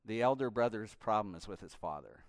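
A male pastor preaching a sermon with passion, swinging between hushed and loud passages. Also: fairly low pitch, animated, brisk, no room sound, clean studio sound.

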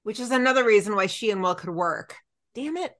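Podcast co-host, young woman, lively bright delivery, jumps into character voices mid-story. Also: mid-range voice. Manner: animated, acts out characters' lines in quick voices. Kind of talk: casual chat recapping a TV episode.

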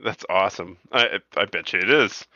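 A man's voice: sits low, moderate pace, pushed and bright. A man in a casual film discussion podcast. He is opinionated and often stumbles and repeats words. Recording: dull lo-fi sound.

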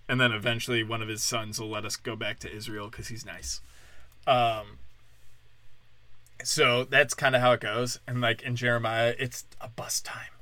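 A man's voice: medium pitch, sharp tone, no echo. A man hosting a podcast, delivering an irreverent comedic monologue, rambling with lots of "like" and frequent laughter. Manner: rambling, laughs often, heavy use of "like".

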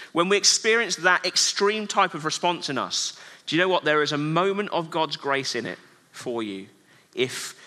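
Earnest preacher with a bright voice. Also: male voice, on the high side, in a large hall. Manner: earnest, many rhetorical questions. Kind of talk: sermon.

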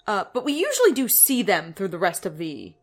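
A woman's voice: mid-range voice, wildly swooping pitch, brisk. A woman hosting a podcast in casual chat, explaining details and adding dry asides. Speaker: podcast host.

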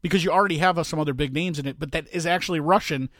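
A middle-aged man chatting casually as a podcast co-host, rambling and restarting, quick to laugh. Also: a little high, fairly bright tone, no echo, clean studio sound. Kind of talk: casual chat.

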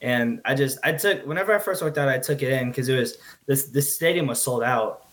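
A teenage man answers interview questions in an earnest, halting way. He often stumbles over and repeats his words as he tells his story. His voice is mid-pitched and ordinary. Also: a bit bright. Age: teens. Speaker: guest athlete.

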